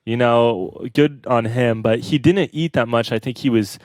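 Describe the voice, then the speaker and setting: A man's voice: mid-range voice, unhurried, darkish tone, no echo. A young man and podcast co-host in casual chat, laid-back, trailing off mid-sentence and chiming in to agree. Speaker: podcast co-host, band member.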